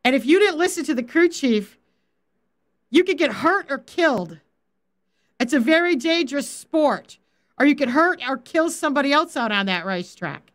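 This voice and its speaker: Her high, expressive voice moves at a normal speed as she, a middle-aged woman and faith coach, delivers a Bible teaching over livestream. She talks straight to the people in the chat, firm and direct.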